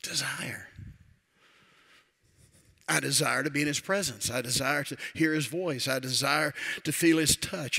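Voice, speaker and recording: A man's voice: mid-range voice, unhurried, creaky, long pauses, pushed and bright, breathy edge. An older man, a retired pastor, preaching a sermon in a church with emphatic, repetitive declarations.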